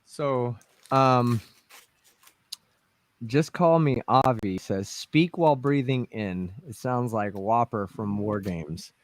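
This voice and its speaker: A man chatting casually on a group video call, animated and laughing, swearing now and then. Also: mid-range voice, takes it slowly.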